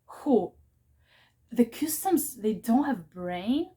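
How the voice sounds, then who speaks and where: Slow-talking rambling woman vlogger. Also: fairly high pitch, animated, warm tone, breathy edge. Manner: emotional, rambling, with halting restarts. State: unwell, recovering from side effects. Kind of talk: casual unboxing vlog.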